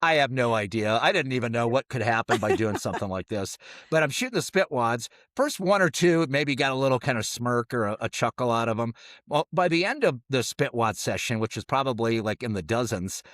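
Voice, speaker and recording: Animated male storyteller, lively voice. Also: medium pitch, normal speed, dry recording, clean studio sound. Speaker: podcast co-host. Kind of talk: casual storytelling.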